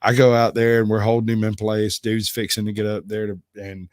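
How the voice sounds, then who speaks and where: A man's voice: on the low side, flat delivery, brisk, a little mellow, no room sound. Guy rambling thru stories on a stream, keeps giggling, dry close sound. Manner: rambling, giggles often mid-story. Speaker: livestream host. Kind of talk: casual storytelling chat.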